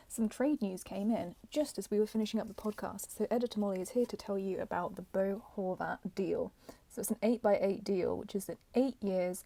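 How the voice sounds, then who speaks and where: A woman, the podcast's editor, reading a short scripted update. Her delivery is brisk and informative, at an ordinary pitch. The sound is dry and close-miked. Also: a little mellow, dry recording.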